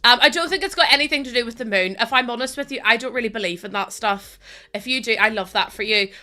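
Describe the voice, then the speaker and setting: A high-pitched young woman talking to her stream chat, worn down yet still giggling. Her voice is bright and light, and her talk jumps around in a loose, scattered way. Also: fast. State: tired. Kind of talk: casual live stream chat.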